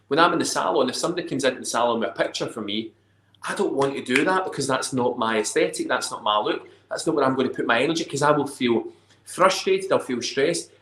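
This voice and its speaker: A man's voice: mid-range voice, a bit bright. A man in a casual chat giving thoughtful advice about connection and honesty. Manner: reflective, gives advice. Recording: echoey room.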